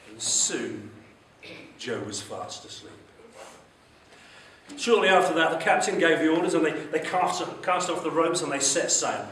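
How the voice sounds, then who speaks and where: A man tells a Bible story to schoolchildren in an animated, question-asking way. His voice sits high for a man. He is heard from a distance in a strongly echoing school hall, with a faint noise underneath. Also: unhurried, pauses often. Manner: animated, asks the children questions.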